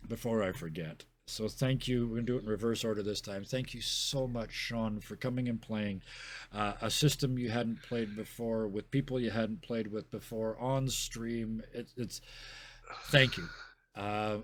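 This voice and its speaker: A man's voice: on the low side, moderate pace. A man hosting a stream as game master, narrating a scene and then thanking players and chat in a chatty, self-deprecating way.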